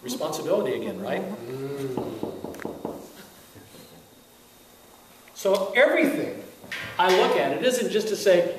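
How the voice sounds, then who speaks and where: A man's voice: on the high side, slow, pauses often. A man, a wind band conductor, lecturing music teachers and firing off rhetorical questions with frequent chuckles. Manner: animated, asks many rhetorical questions; chuckles often. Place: lecture room at a teaching workshop. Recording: echoey room, heard from a distance, faint hiss.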